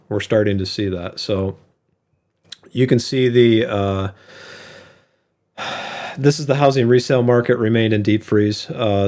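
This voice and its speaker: Low-voiced man co-hosting a casual chat. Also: darkish tone. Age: 40s. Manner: conversational, reads and comments on charts with fillers. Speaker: co-host.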